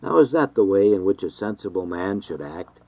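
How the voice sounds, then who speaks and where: A man reading an old devotional text aloud in a measured, formal way. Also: deep voice, lively intonation, dry recording. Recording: dry, dull lo-fi recording.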